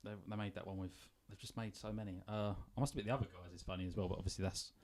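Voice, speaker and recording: Man, podcast co-host, quick rambling speech, dark mellow tone. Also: deep voice, fairly even intonation. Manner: rapid, rambling, self-deprecating, swears casually. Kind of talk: casual film review chat.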